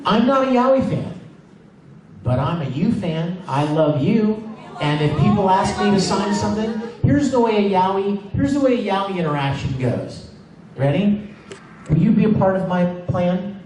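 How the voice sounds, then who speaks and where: A man tells stories on a convention panel, his animated, emphatic delivery often breaking into laughter. His voice sits a little high for a man. He is picked up from far off in a big echoing hall, with clear room noise behind. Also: normal speed. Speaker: voice actor, convention panel guest. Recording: echoey hall recorded from far off.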